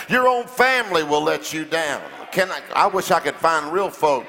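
High, bright-voiced preaching pastor. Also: male voice, animated, moderate pace, few pauses, long reverb tail, slight background noise. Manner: fiery call-and-response preaching, building to shouts. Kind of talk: sermon. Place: church sanctuary.

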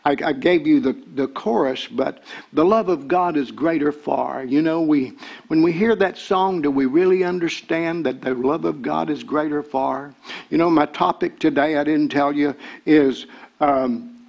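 An older man, preaching a sermon as pastor. He repeats words and builds to shouted excitement. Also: a little high, a little slow, vocal fry, highs cut off.

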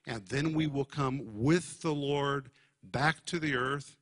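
Male Bible teacher, bright tone, emphatic sermon delivery, stops to unpack Greek terms. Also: mid-range voice. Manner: emphatic, explains Greek words slowly.

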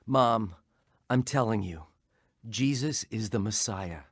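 A man's voice: fairly low pitch, slow, breathy edge, no echo, clean studio sound, full character voice. An actor playing an earnest, emotional young man who has just found faith, in a radio drama. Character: young man newly converted, earnest and joyful.

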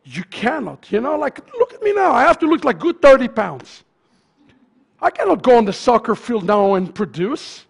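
A male pastor preaching a sermon to his congregation, swinging from loud fervent shouts to hushed, near-murmured lines. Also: very high-pitched, very animated, moderate pace, gravelly, husky. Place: congregation's sanctuary.

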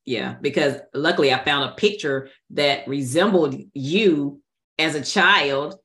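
A woman, the book's publisher, telling in an animated way how the project came together, with laughter in her talk. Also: sits low, a little slow. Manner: animated storytelling with laughter and acted quotes. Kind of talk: conversational interview.

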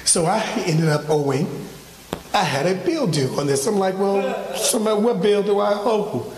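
A high-pitched male pastor tells a personal story in his sermon at a moderate pace, animatedly acting out his own phone calls and conversations and laughing along. He's far from the mic in a large, echoey church hall with a long reverb tail and a noisy background.

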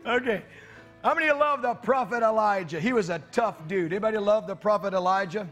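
A pastor with a high-sitting, somewhat bright voice preaches fast in church, with soft background music. He reads scripture aloud and throws joking asides to the congregation.

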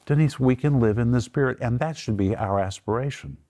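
A middle-aged man delivers televised Bible teaching. He speaks emphatically and breaks Greek words down step by step. His pitch sits in an ordinary middle register. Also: a little fast, dark tone.

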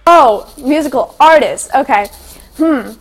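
Chatty high-voiced teenage girl. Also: unhurried. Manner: chatty, filler-heavy, excitable storytelling. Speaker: guest, young singer and actress. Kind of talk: casual interview chat.

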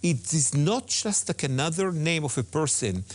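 A man's voice: fairly high pitch, animated, moderate pace. Emphatic man explaining words. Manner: emphatic, repeats key words, non-native phrasing. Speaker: Hebrew teacher guest. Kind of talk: animated religious TV discussion.

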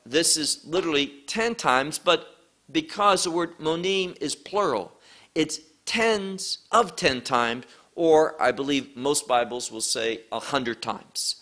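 A man teaching an evening Bible study, reading scripture aloud and slowly explaining the Hebrew words. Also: a little high, pushed and bright. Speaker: pastor.

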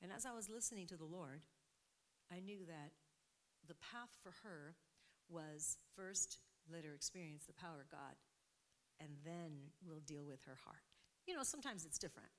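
A middle-aged woman preaching, telling a testimony in an animated way and acting out what people said. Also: sits low, normal speed. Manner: animated storytelling, acting out quotes, laughing. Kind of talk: sermon testimony.

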